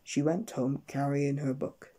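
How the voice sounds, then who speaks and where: Guy reading a bedtime story, mellow dark voice, a bit husky. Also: mid-range voice, fairly even intonation. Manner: gentle, unhurried storybook reading.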